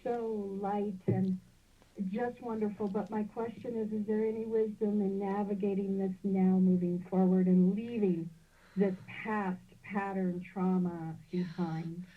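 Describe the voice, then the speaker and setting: A woman calling in to a spiritual show, grateful, soft and unhurried as she shares her experience and asks a question. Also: medium pitch, steady tone. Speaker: caller. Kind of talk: casual call-in. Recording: tinny phone line.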